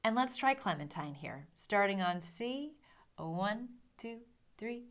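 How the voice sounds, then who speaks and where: A woman's voice: mid-range voice, expressive, slow. A woman teaching a ukulele lesson, explaining patiently, counting in and singing along. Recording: ukulele playing under the voice.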